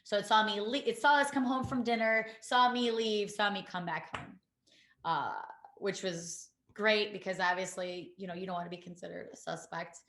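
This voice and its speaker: A woman, a podcast guest, telling a painful personal story in a halting way, full of fillers and restarts. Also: mid-range voice, fairly even intonation, fairly bright tone, roomy sound. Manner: halting, many fillers and restarts, quotes others.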